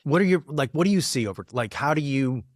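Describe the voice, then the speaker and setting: A man's voice: medium pitch, quick pace, dry recording, studio quality. Chatty man telling anecdotes. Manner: chatty anecdotal storyteller, lively when telling stories. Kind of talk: casual storytelling conversation.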